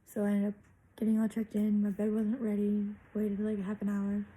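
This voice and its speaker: A woman's voice: mid-range voice, monotone, normal speed, dark tone, slight background noise, poor audio. A young woman vlogger telling a personal story in a candid, chatty way, swearing freely.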